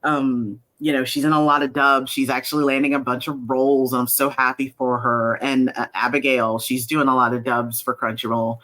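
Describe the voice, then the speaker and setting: Bright, chatty woman talking shop. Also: a bass voice, fairly quick, hardly any pauses. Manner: chatty, many fillers, acts out quotes in lively voices. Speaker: creator of an animated series, interview guest. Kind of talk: casual interview chat.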